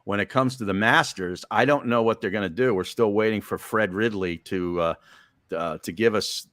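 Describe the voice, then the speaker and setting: A man co-hosting a sports talk show, chatting in a relaxed, conversational way and telling stories. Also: lowish voice, normal speed, no room sound, studio quality. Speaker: co-host.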